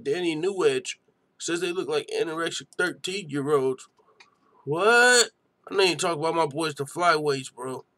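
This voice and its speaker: A man's voice: on the high side, fairly even intonation, normal speed, fairly bright tone. A young man hosting a live fight-night stream, giving hyped, slangy reaction commentary and chatting with viewers.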